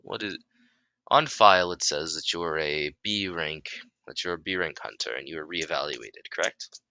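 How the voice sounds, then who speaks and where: A man voicing a formal, probing association chairman in an improvised fan story, with a halting delivery. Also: rumbling low, bright, forceful tone, a little hiss or hum, heavily acted.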